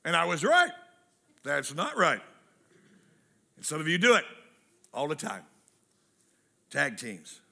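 A male pastor delivers a sermon in a high, bright, forceful voice. He is lively and humorous, slipping into character voices for quotes and hammering key phrases by repeating them. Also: unhurried, vocal fry, pauses often.

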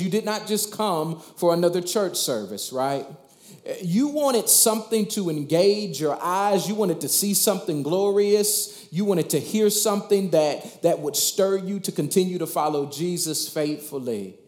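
A fervent male pastor preaching a sermon in a fairly high-pitched voice. He talks emphatically, throws rhetorical questions to the congregation and often restarts on repeated words. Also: a little mellow, echoey room.

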